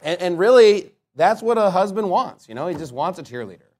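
A man preaching a casual, conversational sermon to a congregation, acting out quick quotes from everyday life. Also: high voice, sing-song, a little mellow. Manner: conversational, with quick acted-out quotes and rising emphasis.

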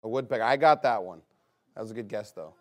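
A man leading a guessing game with a live group, reading out a long list in a chatty, upbeat way with quick asides. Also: on the low side.

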